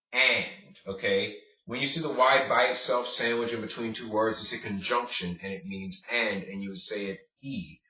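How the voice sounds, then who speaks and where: Guy teaching a language lesson, bright voice, kinda far from the mic in an echoey room. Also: medium pitch. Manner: patient, repeats words slowly, checks in with "okay?". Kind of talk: casual classroom-style lesson. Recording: roomy, distant, dull lo-fi sound.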